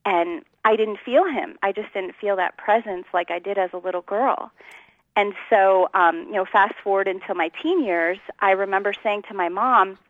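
A woman's voice: medium pitch, moderate pace, dry recording, narrow, tinny audio. Woman from New Jersey telling her story. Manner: animated storyteller, laughs often. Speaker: interview guest. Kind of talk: personal testimony, conversational.

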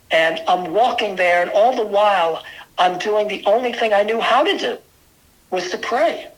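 Older man from New York City, bright voice, earnest and emphatic, giving his testimony as an interview guest. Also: sits high, rough recording. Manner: earnest, emphatic, with frequent restarts.

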